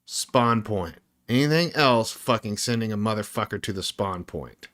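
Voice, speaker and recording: A man's voice: lowish voice, expressive, normal speed, a bit bright. Frustrated man ranting while he codes. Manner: frustrated ranting, heavy swearing. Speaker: indie game developer streaming his work. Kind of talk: casual livestream chat while working.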